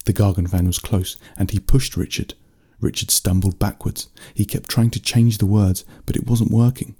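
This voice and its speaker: A man narrating a bedtime story in a steady, unhurried reading voice. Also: on the low side, breathy edge.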